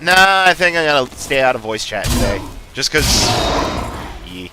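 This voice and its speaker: A man's voice: medium pitch, sing-song, normal speed, noisy background. A man streaming a game and chatting casually with his viewers, laughing often and restarting his sentences. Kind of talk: casual livestream chat.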